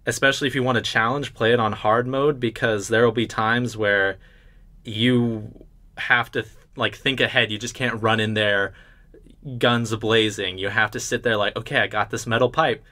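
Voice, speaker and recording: Young guy on a gaming podcast, kinda low voice, super excited, says like a lot. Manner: enthusiastic, chatty, many "like" fillers. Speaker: podcast co-host. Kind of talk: casual chat about video games.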